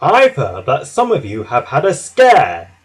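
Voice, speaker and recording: A man's voice: mid-range voice, wildly swooping pitch, unhurried, husky, heavily acted. A man voicing a stout, kindly male railway boss in a storybook reading, speaking in a firm, announcing tone. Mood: reassuring.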